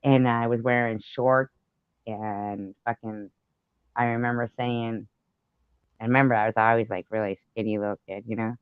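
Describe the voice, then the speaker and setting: A man's voice: medium pitch, level tone, normal speed, smooth, dry recording. Guy rambling thru a story on a stream, swears a bit, muffled lo-fi mic. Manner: rambling, swears, many fillers. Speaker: live stream host. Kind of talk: casual chat, storytelling.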